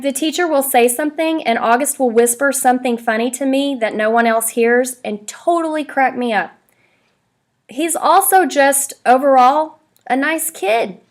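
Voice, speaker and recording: A woman, a third-grade teacher, reading a novel aloud in an expressive, conversational way. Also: sits high.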